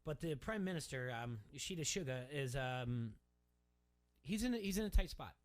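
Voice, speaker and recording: A man's voice: fairly high pitch, animated, normal speed. Rambling male sports radio host. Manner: rambling, emphatic, repeats words.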